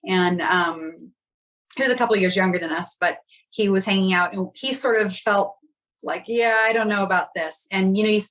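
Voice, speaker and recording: A woman's voice: mid-range voice, fairly bright tone, low-quality recording. A woman, a podcast guest, telling a personal story in a candid, reflective way and often acting out quoted dialogue.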